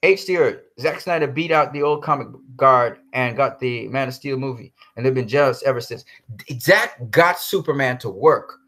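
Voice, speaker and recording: A man's voice: medium pitch, animated, normal speed, bright, forceful tone. A man ranting heatedly in a commentary vlog, swearing and then apologizing for cursing. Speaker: commentary vlogger.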